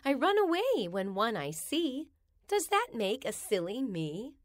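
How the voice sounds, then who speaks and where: A woman reads children's rhymes slowly in a sing-song way, her fairly high voice swinging hugely in pitch. The recording is close and dry, with no room around it.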